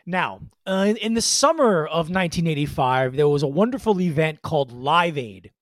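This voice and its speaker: Guy cohosting a music podcast, kinda high voice, rambles w lots of ums, dry close mic. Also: expressive, moderate pace, a bit bright, no echo. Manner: rambling, loose delivery with many fillers. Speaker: podcast co-host. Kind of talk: casual chat about music history.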